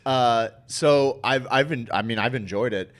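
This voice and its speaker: A man's voice: mid-range voice, a little slow. A married man co-hosting a show, rambling and swearing casually with lots of fillers and restarts. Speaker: podcast co-host. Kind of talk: casual chat.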